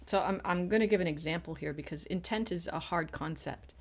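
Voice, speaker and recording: A woman's voice: lowish voice, a little fast. A middle-aged woman co-hosting a podcast, telling a personal story in an earnest, casual way with frequent restarts. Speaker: podcast co-host.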